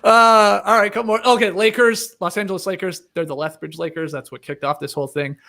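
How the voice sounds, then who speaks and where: A man's voice: high-pitched, fairly even intonation, a little fast, vocal fry, sharp tone. A man hosting a casual sports chat, joking and reeling off trivia. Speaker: podcast host.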